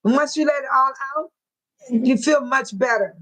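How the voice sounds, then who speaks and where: An older woman hosting a casual livestream from home, talking straight to her viewers in chat, emotional and quick to bless and pray. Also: sits high, a bit bright, poor audio. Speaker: livestream host.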